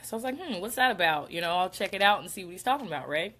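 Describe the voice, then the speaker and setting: A young adult woman chats her way through a casual livestream, her voice a little congested and short of breath. She talks at a medium pitch and breaks off to greet viewers as they join. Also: lively intonation, racing, bright, forceful tone. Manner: chatty, greets viewers mid-sentence. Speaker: host of a real estate livestream. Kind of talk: casual live-stream talk.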